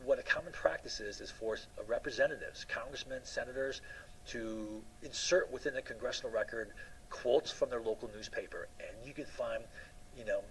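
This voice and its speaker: A man's voice: mid-range voice, moderate pace, a bit bright, a little hiss or hum, low-quality recording. A man lecturing a class in a loose, rambling way, often asking "right?" and restarting his sentences.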